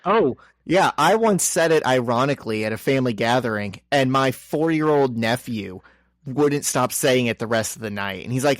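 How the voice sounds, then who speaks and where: Another podcast co-host, a man with a medium-pitched, animated voice, is heard on a dry recording. His casual chat gives a wry, joking summary of a comic book, with quick character voices tossed in.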